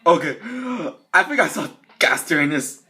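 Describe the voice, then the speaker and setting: Jumpy, excitable fan narrator; bright, lively delivery with casual swearing. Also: medium pitch, measured pace. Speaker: fan video creator. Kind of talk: excitable skit narration with commentary.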